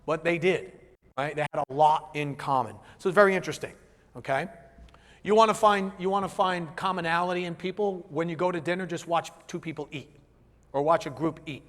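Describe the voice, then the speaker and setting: A man giving a live business seminar, animated, asking the audience questions and acting out little voices. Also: a little high, brisk, long reverb tail. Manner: animated, asks the room questions, acts out voices. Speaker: business speaker.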